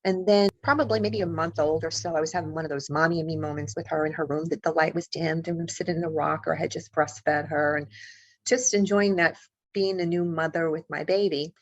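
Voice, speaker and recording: A woman with a low-set voice tells her story as a guest in an interview, vividly and with feeling, and acts out what people said. The sound is dry and close, a bit muffled, as on a remote call. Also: steady tone, a little fast, dry recording. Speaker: author and paranormal investigator, guest.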